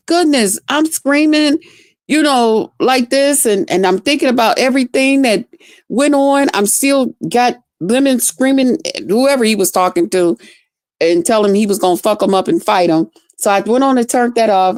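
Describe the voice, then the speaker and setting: A woman with a fairly high voice tells a storytime vlog, swearing freely and bursting into animated, loud reenactments. The sound is dry and close, with no room around her. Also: no room sound. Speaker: vlogger. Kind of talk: casual storytime monologue.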